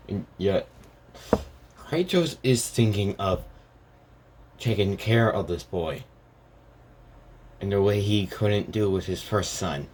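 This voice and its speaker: A man's voice: fairly low pitch, slow, long pauses, darkish tone, slight background noise. A man casually talking through a story idea, hesitant and rambling, full of restarts and fillers.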